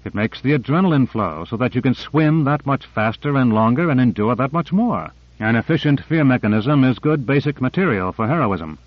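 A man playing a calm male agent who gently reassures and explains, in an audiobook. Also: mid-range voice, brisk, no echo, highs cut off, natural voice. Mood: reassuring.

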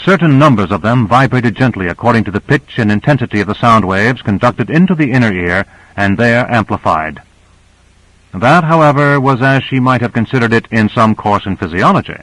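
A man narrating an audiobook with steady, measured storytelling. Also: on the low side, no echo, low-quality recording.

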